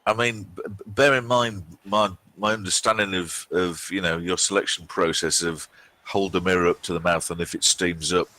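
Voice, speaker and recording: A man's voice: low voice, fairly even intonation, normal speed, sharp tone. A man, bantering and joking casually while streaming a game match, with many ums and restarts.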